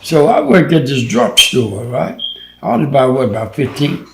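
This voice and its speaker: A man's voice: medium pitch, sing-song, normal speed, gravelly, noisy background. Rambling older man, roomy echo. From Louisiana. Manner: rambling, many "you know" fillers. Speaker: guest. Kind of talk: casual storytelling.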